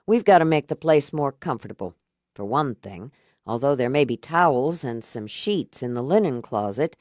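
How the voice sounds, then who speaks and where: A woman voicing a steady, wry middle-aged man in an audiobook, talking low, calm and reassuring with dry jokes. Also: no room sound. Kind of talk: audiobook character voice.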